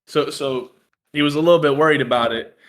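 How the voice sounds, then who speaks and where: A man's voice: on the high side, steady tone, a little fast. A young man co-hosting a casual podcast, telling a story with a swearing, self-mocking humor. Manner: storytelling, laughs at himself, swears freely. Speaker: podcast co-host. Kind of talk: casual chat.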